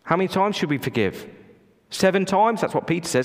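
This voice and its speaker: A man's voice: fairly high pitch, animated, fairly quick, big-room sound. A man preaching a sermon as a pastor, earnest and conversational, with many asides and restarts.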